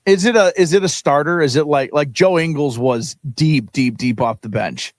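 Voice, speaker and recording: A man's voice: on the high side, moderate pace, no room sound. A man co-hosting a morning sports radio show, chatting casually, laughing easily and musing aloud while he guesses.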